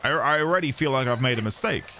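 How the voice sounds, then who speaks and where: A man's voice: medium pitch, animated, quick pace, bright, forceful tone, a little hiss or hum. A man chatting casually on a live game stream, rambling and self-deprecating.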